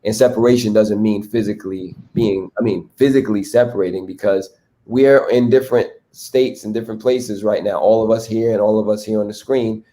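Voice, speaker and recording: A man's voice: lowish voice, steady tone, brisk, warm tone. A man hosting a relationship talk on a video call, explaining abuse to a group with many rhetorical questions. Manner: teaching, asks rhetorical questions.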